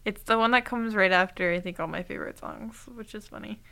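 A young woman in her twenties talks about an album in relaxed podcast chat, slipping in fillers all the time. Her voice has a gravelly fry and a bright, tense sound. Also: medium pitch, fairly quick. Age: 20s. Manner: chatty, many fillers. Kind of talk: casual chat about music.

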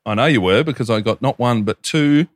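A man in his thirties, co-hosting a casual podcast, telling crude, profane stories with animated quoted voices. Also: mid-range voice, brisk, no room sound, studio quality. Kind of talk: casual chat, storytelling.

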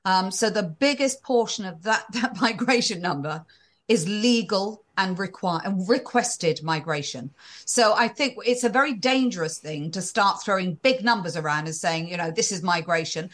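A woman talking as an interview guest, in a middle-pitched voice. She thinks aloud as she goes, repeating and restarting words before she settles on her point. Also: animated, normal speed. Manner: thoughtful, frequent restarts and fillers, occasional laughs. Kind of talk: conversational interview answers.

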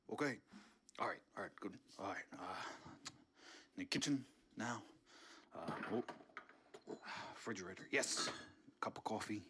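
A man puts on a grumpy older politician who mutters and curses as he sneaks through someone's house. The voice sits low and husky, half whispered. It stays gruff and conspiratorial. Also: exaggerated voice. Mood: hushed grumbling. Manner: hushed muttering, cranky swearing. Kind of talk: comedy sketch impression.

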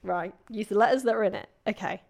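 A woman's voice: medium pitch, fast, vocal fry, a little mellow. A woman co-hosting a podcast, reading a listener's story aloud in a chatty, playful way and breaking off to joke. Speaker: podcast co-host.

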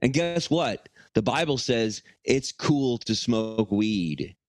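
A man's voice: mid-range voice, expressive, slow pace, a little mellow. A man playing a petulant grown son who swears and complains to his mother. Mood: whiny. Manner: swearing, whiny, defensive. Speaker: podcast co-host. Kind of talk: improvised comedy bit.

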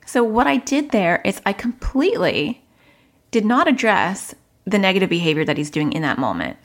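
Very animated, with medium pitch and moderate pace, a middle-aged podcast host gives parenting advice in a chatty, self-mocking way. Now and then she acts out child voices.

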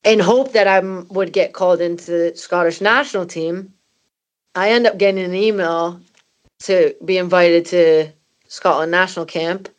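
A woman's voice: fairly low pitch, steady tone, normal speed. A woman in her thirties, originally from Canada, candidly telling an emotional personal story as an interview guest, with many "you know" fillers. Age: 30s. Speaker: footballer guest.

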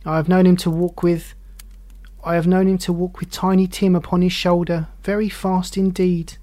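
A reader voicing a gentle mother who speaks softly and tenderly. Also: medium pitch, level tone, normal speed, natural voice. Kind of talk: audiobook character voice.

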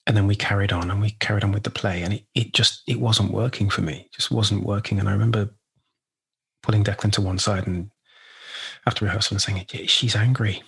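Low, husky man, guest actor, halting and reflective, slips into quoted lines. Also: steady tone. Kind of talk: conversational interview storytelling.

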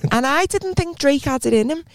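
A woman co-hosting a podcast, telling stories and throwing in deadpan quips between laughs. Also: high-pitched, a little fast, no room sound, studio quality. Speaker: podcast co-host. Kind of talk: casual comedic banter.

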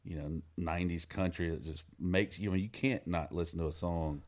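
A man's voice: low-pitched, fairly even intonation, moderate pace, darkish tone. A young man co-hosting a casual music podcast, easygoing and talkative, with many fillers. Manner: easygoing, lots of "you know" fillers.

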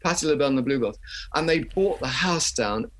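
A man's voice: medium pitch, lively intonation, brisk, fairly bright tone. An older man, a musician guest, telling chatty anecdotes in an interview and laughing as he goes. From England.

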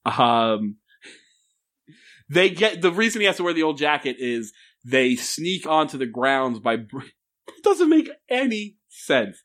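A man's voice: on the high side, unhurried. A man casually recapping a film on a podcast with a co-host, swearing often, laughing, and acting out lines from scenes. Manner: animated, profane, laughing, acts out lines from scenes. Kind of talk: casual profane chat.

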